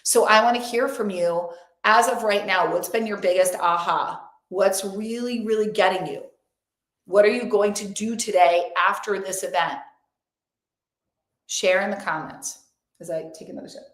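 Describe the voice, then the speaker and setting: A woman's voice: medium pitch, moderate pace. A young adult woman hosting a live-streamed motivational event as a coach, talking emphatically and effusively and repeating affirmations. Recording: roomy echo.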